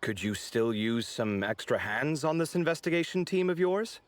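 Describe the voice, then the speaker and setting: A man playing a lively, exasperated young architect. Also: medium pitch, normal speed, close to an everyday voice. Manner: expressive, exasperated sarcasm. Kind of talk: game voice acting.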